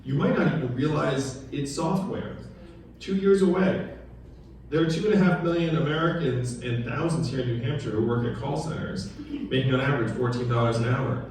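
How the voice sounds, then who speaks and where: A man's voice: medium pitch, recorded from a distance, noisy background. A man giving a campaign speech at a town hall gathering, talking conversationally and quizzing the audience with questions. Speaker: political candidate. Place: large echoey room at a political gathering. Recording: very echoey room recorded from afar.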